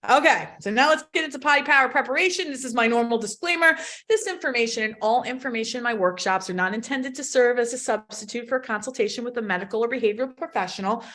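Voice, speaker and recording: A woman's voice: on the high side, fast, hardly any pauses, a bit bright. A woman coaching parents in a live online workshop, talking bluntly and emphatically and swearing freely. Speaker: autism potty training coach.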